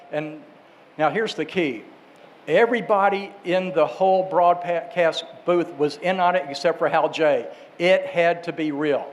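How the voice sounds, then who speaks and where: A man with a fairly high voice spins a long, casual anecdote. He wanders through asides, catches himself mid-word and corrects names as he goes. His delivery stays chatty and unhurried. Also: fairly even intonation, rough recording. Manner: rambling, with restarts and asides. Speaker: storyteller.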